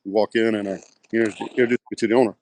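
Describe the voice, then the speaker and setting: Fast-talking Texan man, low voice. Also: fairly even intonation, darkish tone. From West Texas. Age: middle-aged. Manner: rambling anecdotes with many fillers, acts out quoted dialogue. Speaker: guest, pro bodybuilder. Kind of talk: casual storytelling interview.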